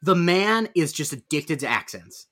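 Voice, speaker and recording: A man guest on a podcast, running through a film's cast with quick, sarcastic remarks. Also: a little high, sing-song, a bit bright. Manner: quick, sarcastic, list-driven. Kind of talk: casual film review chat.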